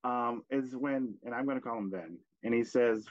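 A man hosting a casual podcast chat, telling reflective stories in an animated way. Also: medium pitch, normal speed, dry recording. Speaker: podcast host. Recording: dry, dull lo-fi sound.

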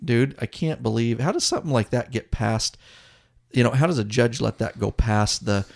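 A man's voice: mid-range voice, normal speed, gravelly, a little mellow. A man hosting a podcast, chatting casually and jokingly, calling his co-host dude. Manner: laid-back, jokey, says dude a lot. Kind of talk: casual chat.

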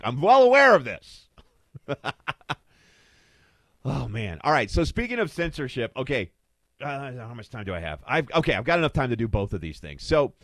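A man's voice: fairly low pitch, dry recording. A man hosting a talk radio show, delivering an impassioned, rhetorical monologue and hammering home his points with repeated questions from a studio microphone.

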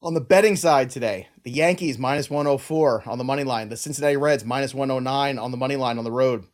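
A man hosting a sports podcast, casually running through stats and betting picks. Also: mid-range voice. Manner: quick run-through of stats, laughs easily. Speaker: podcast host.

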